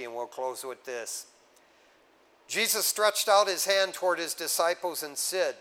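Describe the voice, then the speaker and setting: On a low-quality recording, a male pastor preaches casually, as if in conversation, repeatedly saying "man" to his listeners. He swings from loud exhortation to quiet, hushed tones.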